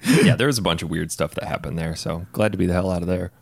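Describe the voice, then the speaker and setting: Podcast co-host, male, lively delivery, deep gravelly voice. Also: fast talker, dry recording. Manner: animated, jokey, swears casually. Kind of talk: casual chat, storytelling.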